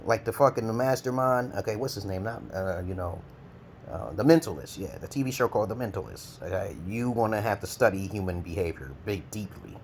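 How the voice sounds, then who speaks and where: A man from Brooklyn, New York, ranting in a profane, rambling vlog monologue, breaking into loud laughing high shouts. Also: fairly quick, a little hiss or hum. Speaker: vlogger.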